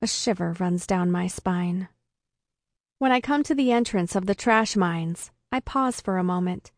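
A woman reading a first-person story aloud in a deadpan comic way. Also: on the low side, measured pace, no room sound, clean studio sound. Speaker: narrator. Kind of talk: first-person audiobook narration.

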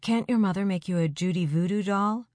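A woman's voice: medium pitch, a little fast, darkish tone, no echo, close to an everyday voice. A woman voicing a teasing, wry teenage girl who is the narrator's best friend, in a dry, close recording.

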